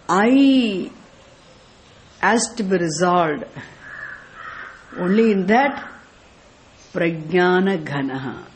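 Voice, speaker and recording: Slow, deliberate South Indian woman teacher. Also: medium pitch, animated, a little hiss or hum. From Tamil Nadu, India. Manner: quizzes listeners with rhetorical questions, dwells on Sanskrit terms. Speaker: spiritual teacher. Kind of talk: scriptural lecture.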